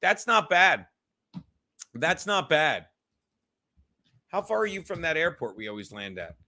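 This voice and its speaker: A man's voice: fairly high pitch, sing-song, a little slow, pushed and bright. A male host chatting casually on a livestream, rambling and talking straight to his viewers in the chat. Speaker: podcast host reading live chat.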